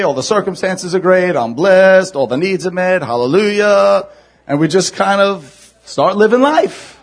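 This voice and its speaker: Animated husky-voiced male preacher. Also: high voice. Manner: animated, swings from hushed to shouting. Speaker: pastor. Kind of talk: sermon.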